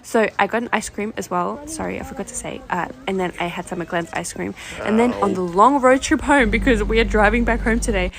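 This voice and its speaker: A woman's voice: mid-range voice, a little fast, crowd noise. A young woman chatting through a casual vlog, bubbly and laughing often. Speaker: vlogger.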